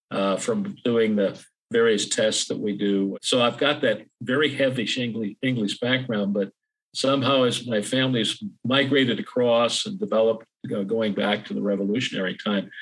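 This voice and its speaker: An older man, an author guest, talking in a relaxed interview with frequent pauses and a self-deprecating humor. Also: lowish voice, slightly rough, low-quality recording. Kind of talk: casual interview chat.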